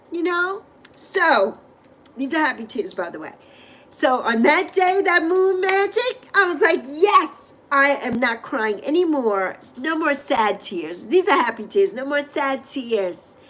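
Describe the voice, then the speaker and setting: High-voiced effusive woman livestreamer. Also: fairly bright tone. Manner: effusive, repetitive, emotional; speaks directly to viewers. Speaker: livestream host. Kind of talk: heartfelt livestream chat. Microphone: desk microphone.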